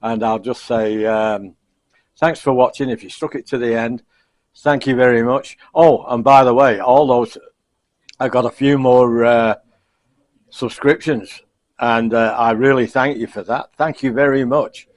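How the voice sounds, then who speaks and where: A middle-aged man giving a casual, rambling sign-off to camera from a home kitchen, halting with lots of fillers, chuckling and self-deprecating. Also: mid-range voice, steady tone, no room sound. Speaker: cooking vlogger. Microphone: camcorder.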